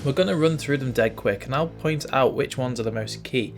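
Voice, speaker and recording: A man's voice: mid-range voice, brisk, faint music behind. A young man hosting a casual writing tutorial, chatting and thinking aloud as he works through a form. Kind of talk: casual screen-recorded tutorial. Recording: faint background noise and typing clicks.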